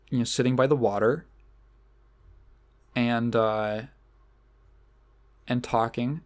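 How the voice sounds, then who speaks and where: A man co-hosting a podcast, rambling through a casual film discussion with lots of restarts and the odd swear word. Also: mid-range voice. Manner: rambling, many restarts and fillers. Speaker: podcast co-host.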